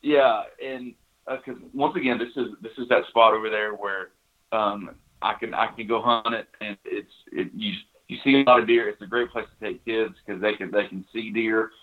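A man's voice: lowish voice, fairly even intonation, moderate pace. Man rambling over a tinny line. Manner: rambling, many restarts and "you know"s. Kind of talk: casual storytelling chat.

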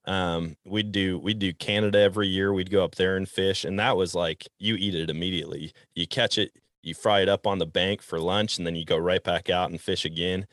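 A man from Wisconsin hosting an outdoors podcast, telling fishing stories in a relaxed way and chuckling often. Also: low-pitched, brisk, dry recording, studio quality. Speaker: podcast host. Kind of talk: casual outdoors chat.

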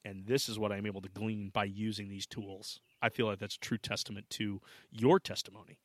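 Earnest lower-voiced male podcast host. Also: level tone, fairly quick, no room sound. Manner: earnest, rambling, restarts phrases. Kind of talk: casual interview talk.

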